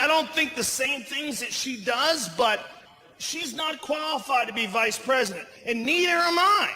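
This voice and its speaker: A man performing a stand-up comedy set, loud and profane, shouting his punchlines. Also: very high voice. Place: comedy club stage with a laughing audience. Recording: live club recording with audible crowd noise.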